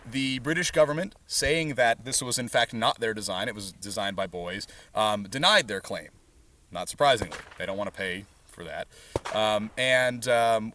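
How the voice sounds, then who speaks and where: A man hosting a firearms channel, explaining history and handling in a casual, halting way full of ums and uhs. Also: lowish voice, bright, forceful tone. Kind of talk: casual explanatory talk at the range. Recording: distant mic, faint background noise.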